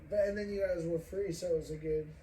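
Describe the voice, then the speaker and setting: A man's voice: high voice, fairly even intonation, brisk, mellow. A young man hosting a casual podcast, rambling and swearing, laughing often as he tells a story. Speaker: podcast host. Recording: roomy, distant mic, faint noise.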